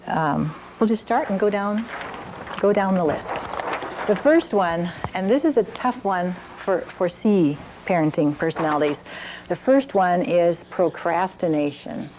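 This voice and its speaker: An older woman teaching a parenting class, gently telling stories from her own family with frequent restarts. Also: lowish voice, noisy background.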